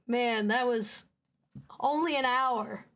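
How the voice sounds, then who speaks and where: A woman's voice: on the high side, slow pace, a bit bright. Swearing young woman streamer. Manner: swears a lot, laughs in disbelief. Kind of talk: casual gaming stream chat. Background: game music.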